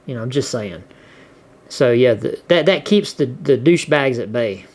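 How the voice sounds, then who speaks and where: A man's voice: mid-range voice, lively intonation, normal speed. A middle-aged man, casually chatting to his viewers and reading their comments aloud in a rambling, easygoing way. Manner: laid-back, rambling, repeats words and restarts often. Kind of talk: casual chat.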